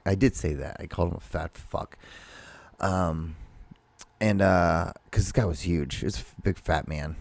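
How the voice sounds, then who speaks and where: A man's voice: deep voice, a little slow, creaky. A young man hosting a podcast, telling a rambling story in casual chat, swearing often and restarting his sentences. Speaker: podcast host.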